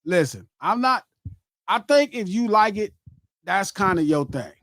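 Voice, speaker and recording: A man hosts a live stream in a loose, joking way, rattling off shout-outs between bits of banter. His voice sits high for a man, and it sounds close and dry. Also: lively intonation, unhurried, dry recording. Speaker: host.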